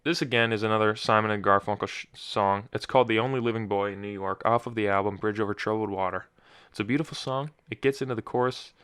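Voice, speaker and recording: A young man with a fairly low voice hosts a casual solo podcast. He rambles, corrects himself and restarts his sentences, recorded close and dry with no room sound around him. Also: fast talker, a bit bright, clean tone, dry recording. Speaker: podcast host.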